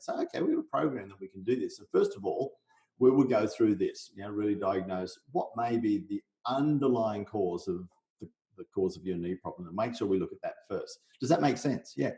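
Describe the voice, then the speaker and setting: In a roomy, echoing recording, a middle-aged man from Australia speaks in a low, mellow voice. He explains his coaching method as a podcast guest with lively energy, and he keeps slipping into short acted sales exchanges. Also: brisk. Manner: energetic, role-plays sales conversations. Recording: roomy echo.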